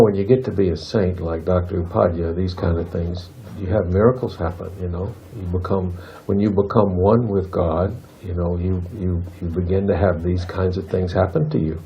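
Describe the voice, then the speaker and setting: Deep gravelly man telling a story. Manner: earnest, circling back to repeat key points. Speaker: spiritual talk leader. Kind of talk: informal storytelling at a spiritual gathering. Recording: lo-fi dull recording.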